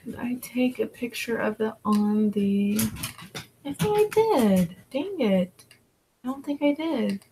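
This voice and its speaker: A woman reseller chatting casually with her viewers as she works, drawling along with plenty of fillers. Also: slight background noise. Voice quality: gravelly, creaky. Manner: slow, drawling and relaxed, with frequent fillers; calls to her dogs in a high, coaxing voice. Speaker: online reseller vlogger. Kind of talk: casual chat while working, answering viewers.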